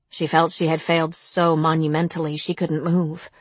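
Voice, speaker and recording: A woman narrates a story in a measured, somber manner. Her voice is husky and sits low, and the recording is dry and close. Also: flat delivery, no echo. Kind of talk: audiobook narration.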